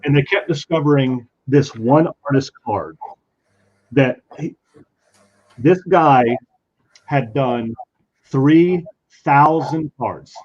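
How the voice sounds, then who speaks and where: A man's voice: medium pitch, takes it slowly, pauses often. Man telling a convention story. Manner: animated, acts out quoted voices. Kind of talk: casual storytelling while drawing. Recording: dull lo-fi stream audio.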